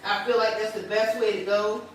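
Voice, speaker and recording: Woman, live-stream host at home, warm chatty encouragement, repeats herself; phone audio in a reverberant room. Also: medium pitch, little pitch movement, fairly quick, slight background noise. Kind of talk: casual chat reading viewer comments. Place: at home while cleaning. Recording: echoey room.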